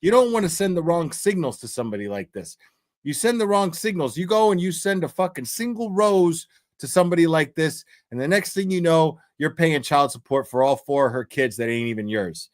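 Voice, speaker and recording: A man's voice: a little high, expressive, fairly quick, dry recording, clean studio sound. A man hosting a commentary show, delivering a crude, profane rant with emphatic repetition. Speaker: commentary host.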